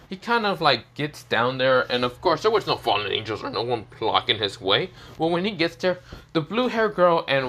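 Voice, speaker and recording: A man with a sore, coughing throat narrates an improvised fan story. He rambles, leaning on "this is where, well" and restarting his sentences, and his voice sounds bright and forward. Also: mid-range voice.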